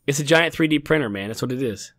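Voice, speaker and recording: A man's voice: mid-range voice, animated, quick pace, fairly bright tone, dry recording, clean studio sound. A middle-aged man co-hosting a casual TV review chat, rambling with frequent restarts and laughter. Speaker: podcast co-host.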